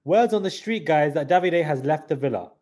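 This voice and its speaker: A young man with a husky, somewhat high voice chats excitedly to his live stream audience. He hypes things up and keeps calling out to the viewers. His nose sounds a little stuffy. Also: a little fast. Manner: excitable hype talk, keeps saying "guys". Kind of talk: live reaction commentary.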